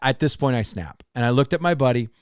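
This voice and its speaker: A man co-hosting a podcast as a pastor, telling a long story in casual chat with many restarts and animated retellings. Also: medium pitch, quick pace, clean tone, no echo, clean studio sound. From Oregon, United States.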